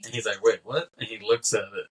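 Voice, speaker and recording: A man's voice: lowish voice, flat delivery, quick pace, fairly bright tone, breathy edge, poor audio. A man co-hosting a podcast, casually recapping a film scene by scene, acting out the characters' lines and laughing between them. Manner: rambling recap with acted-out quotes and laughs. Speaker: podcast co-host.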